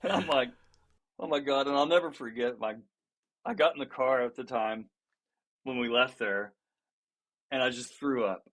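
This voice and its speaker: A man chatting as a guest on a podcast, telling a story in a loose, lively way. He laughs now and then, doubles back on his words, and acts out what other people said. His voice sits at a middle pitch. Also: moderate pace, long pauses. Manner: laughs often and restarts sentences. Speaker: guest musician. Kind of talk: casual storytelling in a podcast interview.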